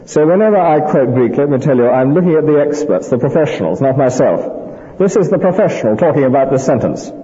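A man's voice: on the high side, sing-song, fairly quick, dark tone. A man preaching a sermon from a church pulpit, emphatic and anecdotal with dry humorous asides. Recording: dull lo-fi recording with long church reverb.

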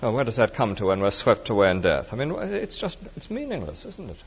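A middle-aged man preaching a sermon in a conversational, animated way that swings between emphatic and hushed. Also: on the low side, a little fast, slightly rough. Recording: dull reverberant hall recording.

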